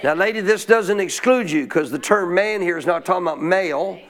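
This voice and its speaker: A man's voice: high-pitched, fairly quick, a faint crowd. A man preaching a sermon as pastor, reading verses and prompting his congregation to answer his questions aloud. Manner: call-and-response preaching, asks congregation questions. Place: church.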